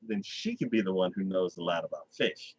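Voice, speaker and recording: A man hosting a casual podcast chat, recapping a story with lively energy and acting out the characters' lines. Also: deep voice, fairly quick, dry recording. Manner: animated storyteller who acts out characters' lines in quoted voices. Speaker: podcast host. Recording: dull, dry lo-fi recording.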